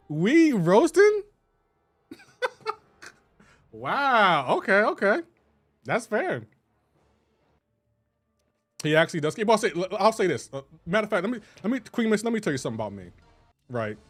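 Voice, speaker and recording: Lively, playful man bantering on stream. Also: on the high side. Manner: playful teasing banter, laughs often, slangy. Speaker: live game streamer. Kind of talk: casual stream chat with viewers.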